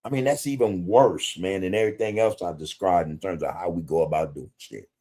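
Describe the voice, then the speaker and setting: A man with a low, dark voice talks a little fast while hosting a podcast livestream. He gives casual commentary bluntly, in street slang full of profanity, and greets viewers in the chat.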